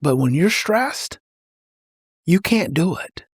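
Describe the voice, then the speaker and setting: A man's voice: on the high side, animated, slow, breathy edge, no room sound. Middle-aged male podcast guest; emphatic, repetitive teacher's delivery; dry, close recording. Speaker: parenting expert guest. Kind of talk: podcast interview.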